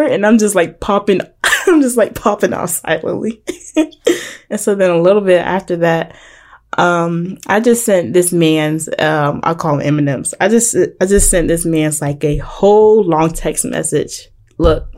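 A young woman vlogger telling a dating story to her viewers in a chatty, animated way and calling them y'all. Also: normal speed. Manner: animated, chatty, addresses viewers as y'all, jumps up high when excited. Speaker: vlogger giving relationship advice.

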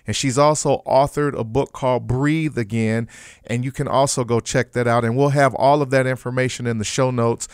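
A man's voice: medium pitch, fairly even intonation, normal speed, clean tone, no room sound, clean studio sound. A man hosting a faith-based interview podcast, affirming his guest with frequent interjections of praise. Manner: affirming, peppers talk with "praise God" and "amen". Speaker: podcast host.

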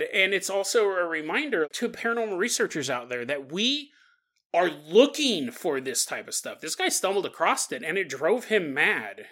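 Man, podcast host, casual comedic monologue, rambling, laughs a lot, bright tone. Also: high voice. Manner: rambling, laughs often, acts out quoted voices.

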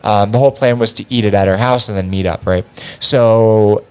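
Swearing, animated male storyteller. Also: on the low side, moderate pace, clear, resonant tone. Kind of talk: casual storytelling chat.

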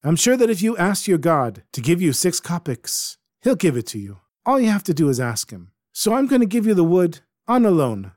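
A man voicing a kindly man posing as a woodcutter, speaking slowly and persuasively with a Ukrainian accent. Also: high voice, very animated, no echo, studio quality, voice pushed up. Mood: reassuring. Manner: slow, gently persuasive.

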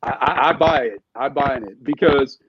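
A man's voice: mid-range voice, moderate pace, slightly rough, muffled recording. A man in his fifties from California, a guest giving emphatic podcast sports analysis, repeating his points and building arguments with analogies. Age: 50s. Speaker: guest, former sportswriter and scout.

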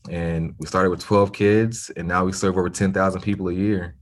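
A man's voice: low-pitched, fairly even intonation, moderate pace. A man, telling his story as a guest in a podcast interview, earnest and reflective with occasional restarts. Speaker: nonprofit founder, podcast guest.

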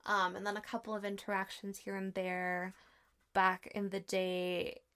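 A woman's voice: mid-range voice, monotone, measured pace, a bit bright. A woman in her twenties casually telling a personal story to her viewers, chatty and sarcastic, with lots of fillers. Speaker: vlogger.

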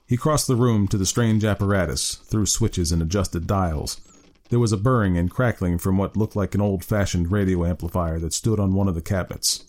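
Low voiced man narrating a creepy story, hushed and slow, ominous.

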